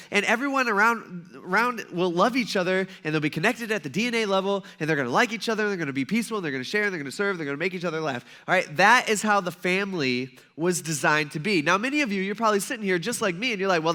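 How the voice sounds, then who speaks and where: A man's voice: high-pitched, bright, forceful tone. A man in his thirties giving a sermon as a pastor, telling jokes and stories about his own family. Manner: joking, self-mocking storytelling. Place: church sanctuary.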